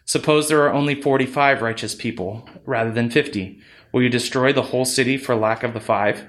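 A man's voice: medium pitch, fairly even intonation, fairly quick, a bit bright, close to an everyday voice. Very old abraham begging earnestly, a guy reading plainly. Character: Abraham, very old pleading man.

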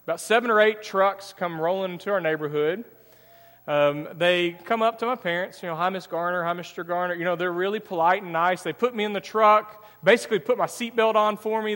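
A man's voice: high-pitched, a bit bright. A man preaching a sermon, telling a personal story in a conversational way and acting out the dialogue. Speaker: pastor. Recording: long reverb of a church hall.

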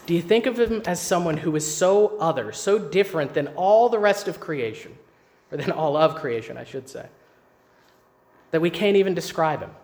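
Male pastor, higher voice, emphatic teaching sermon with rhetorical questions. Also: animated, normal speed, darkish tone.

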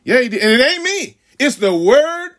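A man preaching a sermon, calling out "huh?" to the congregation, stammering on repeats and swinging from shouts to hushed asides. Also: extremely high pitch, big pitch swings, moderate pace. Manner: call-and-response, frequent "huh?"; stammering repeats when building. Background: congregation laughing.

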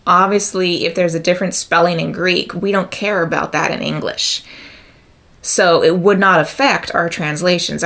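Slow, low-voiced woman explaining. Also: gravelly, a bit bright. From United States. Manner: methodical, explains with examples and figures. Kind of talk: explanatory talk.

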